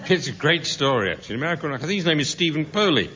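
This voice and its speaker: A man's voice: on the high side, sing-song, rapid-fire, sharp tone, slightly rough. Rambling man telling a comic story. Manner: rambling with ums and uhs. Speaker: panelist. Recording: muffled broadcast recording.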